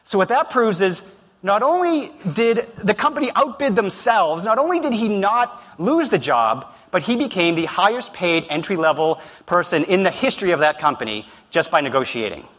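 A man's voice: high-pitched, big pitch swings, normal speed, a bit bright, in a large hall. A man giving a motivational talk to an audience, conversational storytelling with direct address. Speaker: speaker.

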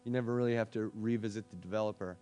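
A man speaking casually on a discussion panel, chatty and full of fillers and quick asides. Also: lowish voice, fairly even intonation, mellow, soft background music. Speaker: web design panelist.

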